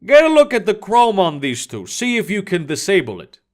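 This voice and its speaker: A man's voice: high voice, wildly swooping pitch, normal speed, a little mellow. A man voicing a powerful male mage villain who speaks in a casual, mocking way in an audiobook story. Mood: smug.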